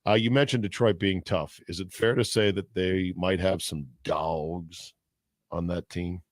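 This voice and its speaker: A man's voice: low voice, steady tone, measured pace, no echo, clean studio sound. A man hosting sports radio, bantering and laughing with his co-hosts. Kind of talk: casual sports talk.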